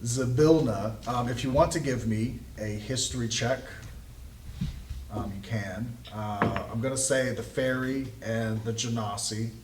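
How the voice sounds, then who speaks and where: A man narrating as game master in a tabletop game, halting and full of ums and restarts. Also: medium pitch, background noise. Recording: echoey room, mic far off.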